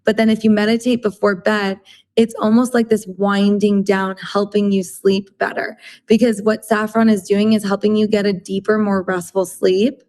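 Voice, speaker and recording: A woman's voice: mid-range voice, level tone, moderate pace, a little mellow. A woman guest on a casual podcast, explaining earnestly and peppering her talk with "like" and "you know".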